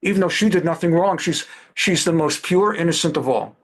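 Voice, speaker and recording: A man's voice: a little high, fairly quick. A middle-aged male rabbi giving a Bible class in a conversational way, repeating phrases and glossing Hebrew words in English.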